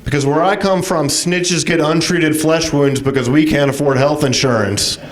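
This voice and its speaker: A man's voice: on the high side, moderate pace. A man delivering a dry stand-up set on a club stage. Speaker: stand-up comedian.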